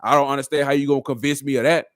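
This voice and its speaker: A man's voice: mid-range voice, steady tone, racing, dry recording, clean studio sound. A man doing reaction commentary on a video clip, arguing through a string of rhetorical questions.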